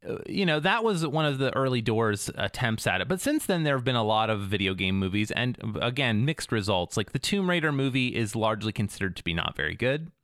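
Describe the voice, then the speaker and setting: A man co-hosting a podcast, chatting casually and thinking aloud in a measured way. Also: mid-range voice, big pitch swings, fairly bright tone, dry recording, clean studio sound. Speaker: podcast co-host. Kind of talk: casual chat.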